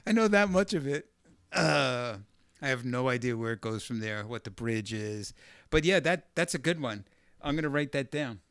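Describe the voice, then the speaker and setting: A man's voice: mid-range voice, animated, normal speed, smooth, no room sound. A man, a guitarist hosting a live stream, chatting casually with viewers, rambling, thinking aloud and making self-deprecating jokes. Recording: loud guitar playing behind the voice.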